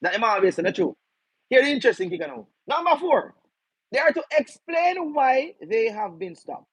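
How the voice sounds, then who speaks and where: A man's voice: very high-pitched, big pitch swings, moderate pace, a bit bright, breathy edge, no room sound, lo-fi sound. A man with a Jamaican accent explaining legal policy to an audience, emphatic and firing rhetorical questions at his listeners. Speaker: legal educator.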